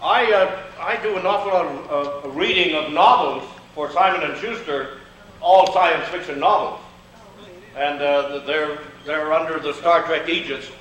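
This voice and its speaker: A man's voice: fairly high pitch, measured pace, a bit bright, slight background noise. An older man, a guest speaker, answering audience questions with rambling, chuckling stories full of fillers. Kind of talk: public Q&A talk. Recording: echoey hall sound.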